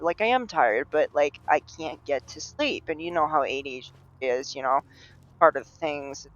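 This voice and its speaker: High, smooth-voiced male game streamer. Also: animated, normal speed, fairly bright tone, lo-fi sound. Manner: rambling, self-talking, full of restarts. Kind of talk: rambling live gameplay chat.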